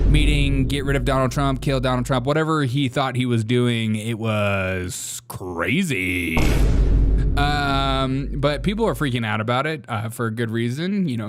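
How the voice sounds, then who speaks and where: A young man hosting a casual political comedy show, chatty and mocking, laughing often. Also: mid-range voice. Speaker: host.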